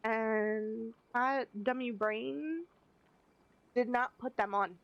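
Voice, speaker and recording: A woman streaming a game from her home desk setup, talking into a desk mic. She chats casually and playfully, often poking fun at herself. Her voice sits a little high. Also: takes it slowly, creaky, dull audio. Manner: chatty, playful, self-deprecating asides. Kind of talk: casual live-stream commentary.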